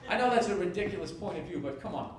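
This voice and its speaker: A man doing a stand-up comedy set, ranting and profane, swinging from low grumbles to shouted outrage. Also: animated, quick pace, crowd noise. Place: comedy club stage with audience laughter. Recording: echoey live stage recording from a distance, loud noise.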